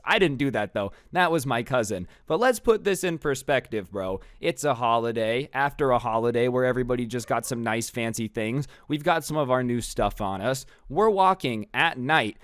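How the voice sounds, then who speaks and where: A young man tells a story in a loose, chatty way, slipping into other voices for the lines he quotes. His voice is smooth and clear at a middle pitch. It is recorded close up in a dry room with no echo. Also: moderate pace, hardly any pauses. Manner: chatty, animated, slangy, acts out quoted lines. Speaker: storytime YouTuber. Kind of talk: casual storytelling.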